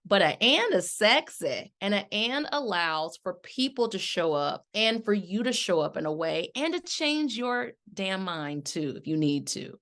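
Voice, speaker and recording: A middle-aged woman hosts her own podcast as a life coach, speaking at an ordinary mid pitch. She talks straight to her listeners and calls them y'all. She moves between a personal story and direct coaching. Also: big pitch swings, unhurried, few pauses, fairly bright tone. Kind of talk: casual chat.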